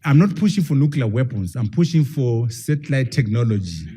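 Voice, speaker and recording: A man's voice: medium pitch, expressive, brisk, dark tone, breathy edge. A man, a professor, giving an emphatic public lecture and firing rhetorical questions at his audience.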